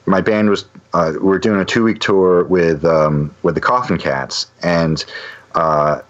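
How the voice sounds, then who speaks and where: A man, a guest musician, telling a story on a casual podcast in an animated, rambling way with many restarts. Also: low-pitched. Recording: dull lo-fi sound.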